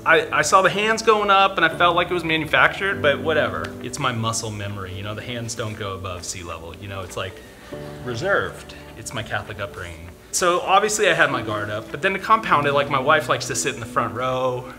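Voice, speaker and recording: A man's voice: medium pitch, animated, fairly quick, music in the background. A man giving a candid personal testimony in church, telling his story with lots of fillers and restarts.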